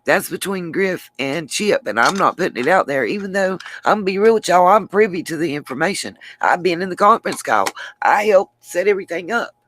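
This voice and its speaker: A woman's voice: fairly low pitch, lively intonation, fairly quick, fairly bright tone. A woman hosting her own channel, talking casually on a livestream, rambling and answering viewers by name. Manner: rambling, addresses viewers by name, frequent restarts. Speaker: channel host.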